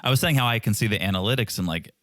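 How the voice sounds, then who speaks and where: A man's voice: lowish voice, racing, dry recording, studio quality. A man co-hosting a casual podcast chat, teasing his co-host and telling stories. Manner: teasing, animated storyteller.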